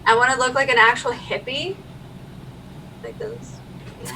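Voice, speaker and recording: A woman co-hosting a casual livestream chat, rambling and quick to laugh. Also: on the high side, pushed and bright, far from the mic, slight background noise, poor audio. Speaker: stream co-host.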